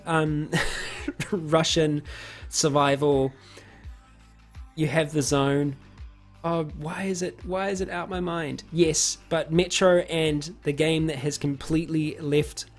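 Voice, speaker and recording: A man chatting casually on a live stream, answering viewer questions with lots of fillers, restarts and chuckles. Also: on the high side. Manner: rambling, many fillers and restarts, chuckles often.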